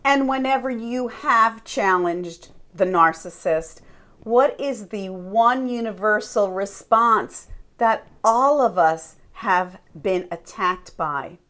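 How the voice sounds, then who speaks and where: A woman who is a Christian life coach, giving a deliberate, earnest teaching monologue with rhetorical questions. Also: medium pitch, a bit bright.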